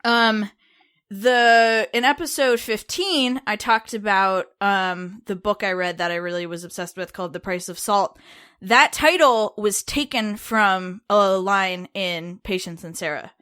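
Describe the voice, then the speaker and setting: A woman's voice: mid-range voice, unhurried, a bit bright, clear, resonant tone. A woman co-hosting a podcast in casual chat, talking with lots of fillers, restarts and laughter. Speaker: podcast co-host.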